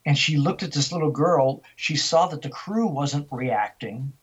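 Middle-aged guy, husky voice, animated storyteller in an interview, kinda dull lo-fi audio. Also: on the high side, unhurried. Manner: animated storyteller who acts out the dialogue he quotes. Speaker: interview guest. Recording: dull, lo-fi sound.

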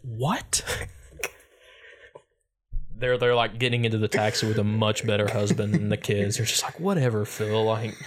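A man's voice: lowish voice, little pitch movement, normal speed, long pauses. A young man co-hosting a podcast in casual chat, giggly and rambling, often slipping into silly put-on accents. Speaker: podcast co-host.

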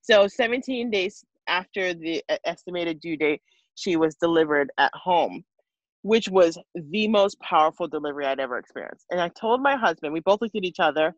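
Interview guest, woman; earnest, emotional storyteller with restarts; slightly low pitch, dull dry recording. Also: lively intonation, moderate pace, no room sound. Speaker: interview guest, mother of five. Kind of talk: personal story in conversation.

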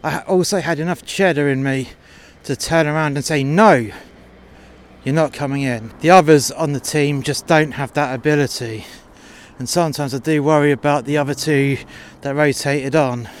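A man's voice: on the high side, steady tone, normal speed, smooth. A man hosting a podcast, telling a story in an indignant, sweary rant. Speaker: podcast host. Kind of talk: storytelling monologue.

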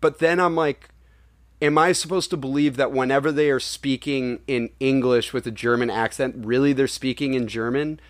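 Speaking at normal speed in a mid-range voice with no echo, a young podcast host rambles through an animated film review. The conversation is casual and loaded with profanity.

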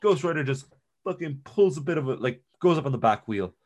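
A man's voice: fairly high pitch, a little fast. A man casually chatting about a film with a co-host, swearing a lot and joking as he retells scenes. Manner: swearing, jokey, animated retelling. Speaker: podcast co-host. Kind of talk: casual movie commentary chat.

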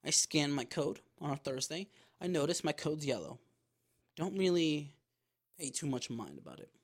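A man hosting his own podcast, casually telling a story in a loose, profane, animated way with lots of asides. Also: fairly high pitch, normal speed. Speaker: podcast host.

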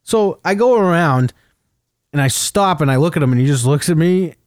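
A man telling a story in casual chat, swearing freely and getting animated. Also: fairly high pitch, brisk, no echo, clean studio sound. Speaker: podcast co-host telling a story.

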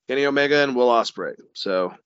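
A male podcast co-host in casual chat, relaxed and rambling as he talks. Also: medium pitch, fairly quick, clear, resonant tone, no echo, lo-fi sound. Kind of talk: casual wrestling review chat.

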